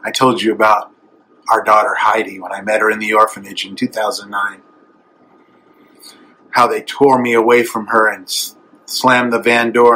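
A man's voice: on the low side, pushed and bright, slight background noise, poor audio. A middle-aged man preaching a sermon, speaking tenderly and with strong emotion that swells to emphatic. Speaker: evangelist.

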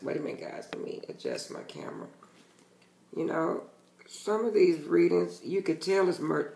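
A man's voice: fairly high pitch, creaky, echoey room, slight background noise. A man giving a casual tarot reading to his channel's viewers, talking bluntly and emphatically and swearing freely. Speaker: tarot reader.

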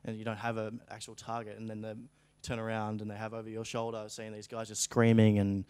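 A man's voice: fairly low pitch, monotone, brisk, a little mellow, smooth, no room sound. A young Australian man, an actor, telling stories in a rambling, casual way in an interview studio. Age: young adult. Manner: rambling storytelling, frequent fillers. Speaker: actor guest.

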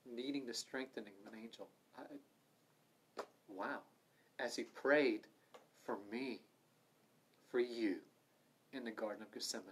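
A man's voice: medium pitch, slightly rough. A man leading a livestreamed Bible study, preaching fervently with sudden emphatic stresses. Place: room in an assisted living home.

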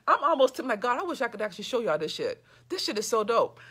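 Animated woman reading her own story. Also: a little high, fast talker, few pauses, breathy edge. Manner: animated, swears freely, gushes about her characters. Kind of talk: live reading with commentary.

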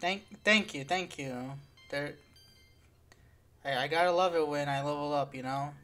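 A woman's voice: low-pitched, unhurried, a bit bright. A woman hosting a let's play, commenting on her game in a profane, exasperated and sarcastic way. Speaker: gaming video host. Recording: faint game music behind.

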